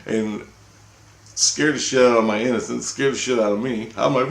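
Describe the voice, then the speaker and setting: Gravelly-voiced man rambling through a story. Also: mid-range voice, a little fast. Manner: rambling, profane, keeps asking "right?". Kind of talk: casual storytelling monologue. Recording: roomy echo.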